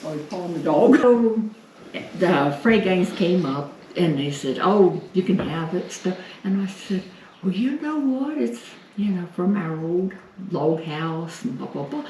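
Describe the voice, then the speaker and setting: A woman's voice: lowish voice, big pitch swings, unhurried, dark tone. A woman casually telling a family story, acting out the quoted voices and laughing often. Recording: roomy, distant, faint noise.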